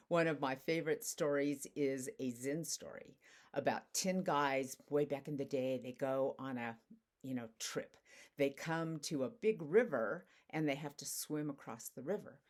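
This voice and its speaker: A woman giving a relaxed, conversational spiritual teaching talk, telling stories and using casual fillers. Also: deep voice.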